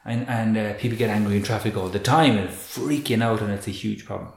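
A man, a guest expert explaining in an earnest, animated way, often restarting with repeated words. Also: fairly low pitch, brisk, gravelly. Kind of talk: conversational explaining. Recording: roomy echo.

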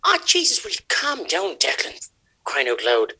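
A man's voice: wildly swooping pitch, normal speed, sharp tone, husky, heavily acted. A man putting on flustered Irish wife Mary. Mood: flustered scolding. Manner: high, exasperated scolding. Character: middle-aged Irish woman Mary, flustered and bossy.

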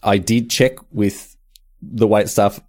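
A man's voice: fairly low pitch, takes it slowly. A man co-hosting a podcast in casual chat, telling stories with lots of laughter and acted-out quotes. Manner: animated storyteller, laughs often, acts out quotes. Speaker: podcast co-host.

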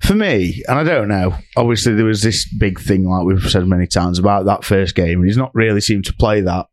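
A mid-pitched man talks football with his friends, giggly and easily sidetracked. His voice sits close to a dry microphone with no room sound. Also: a little fast, no room sound. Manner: chatty, giggly, wandering off topic. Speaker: podcast co-host. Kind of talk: casual football chat.

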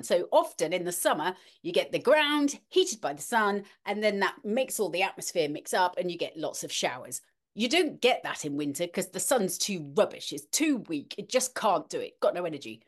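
Chatty animated woman co-host. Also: lowish voice. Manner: chatty and animated, with frequent ums and restarts. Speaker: podcast co-host, weather presenter. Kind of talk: casual chat.

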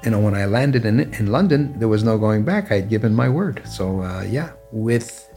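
A man in his sixties from Canada, telling personal stories in a measured, anecdotal way in an interview. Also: on the low side, animated, mellow. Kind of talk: reflective storytelling interview. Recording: faint guitar music underneath.

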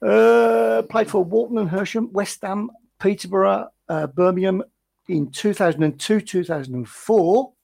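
A man with a high, gravelly, husky voice reads out quiz clues for a podcast. He stops and starts often, filling the gaps with hesitant sounds. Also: darkish tone. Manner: halting, with many fillers. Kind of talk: casual quiz reading.

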